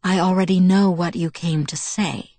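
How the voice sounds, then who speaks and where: A woman reading the part of a calm, guarded teenage male vampire who murmurs in a hushed, even voice. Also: lowish voice, moderate pace, no echo.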